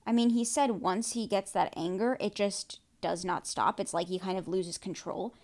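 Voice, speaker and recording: A woman hosting a podcast, recapping a TV episode in casual chat, reacting excitedly with lots of fillers. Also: mid-range voice, moderate pace. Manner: excitable, reacts loudly with gasps and exclamations; chatty, many "like" and "um" fillers. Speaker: podcast host.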